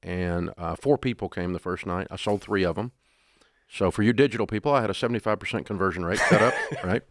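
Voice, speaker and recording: An older man as an interview guest, telling stories in a folksy, animated way. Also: low-pitched, fast talker, dry recording. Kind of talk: storytelling interview.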